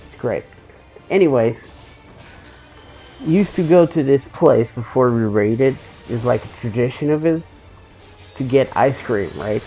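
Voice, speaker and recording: Gravelly-voiced man rambling through a story. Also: mid-range voice, dark tone, rough recording. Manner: swears freely, restarts sentences. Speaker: game streamer.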